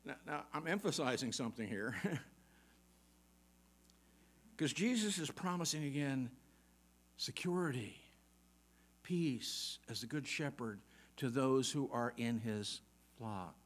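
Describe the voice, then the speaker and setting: A man's voice: medium pitch, animated. A man preaching a sermon, reading scripture aloud and putting pointed questions to his listeners, with occasional chuckles. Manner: emphatic, asks the congregation rapid questions, reads scripture aloud.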